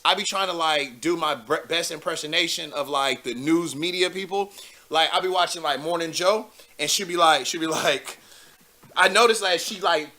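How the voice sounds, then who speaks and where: A man hosting a live call-in show, chatting casually in slang and getting animated as he tells stories. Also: a little high. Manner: animated, slangy, laughs while telling stories.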